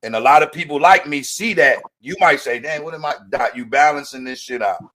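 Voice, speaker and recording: A man hosting a podcast, encouraging his guest in a relaxed, slangy way. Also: fairly high pitch, a little fast. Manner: laid-back, encouraging, slangy. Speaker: podcast host. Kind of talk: casual interview chat. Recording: loud crowd noise behind. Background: loud crowd.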